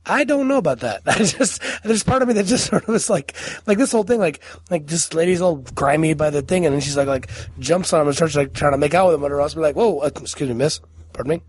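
A man with a somewhat high voice who talks fast in a casual podcast chat about a horror short. He rambles and hedges, piling on fillers as he works his way toward a point. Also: a little mellow, breathy edge, dry recording. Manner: rambling, hedging, many fillers. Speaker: podcast co-host.

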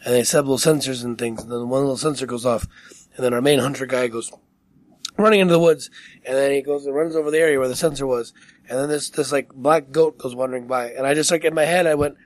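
A man co-hosting a podcast in casual chat, halting and full of fillers as he talks about a film he enjoyed. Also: mid-range voice, fairly even intonation. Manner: halting, filler-heavy, amused. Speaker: podcast co-host.

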